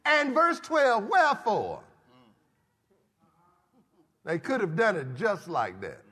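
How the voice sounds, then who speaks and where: Male preacher, soaring pitch swings, drawn-out pacing, sermon in a reverberant hall. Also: huge pitch swings, breathy edge. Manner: emphatic, swings from shouts to quiet asides.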